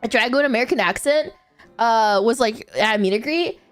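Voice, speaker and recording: Casual female streamer, high voice, rambling and giggly. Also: a little fast, faint music behind. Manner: rambling, giggly, many fillers. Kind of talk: casual chat.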